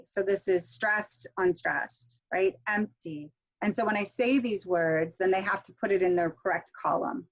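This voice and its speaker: A middle-aged woman with a mid-range voice teaches English pronunciation in an online workshop, and the sound is lo-fi. She explains step by step, saying example words slowly with clear stress.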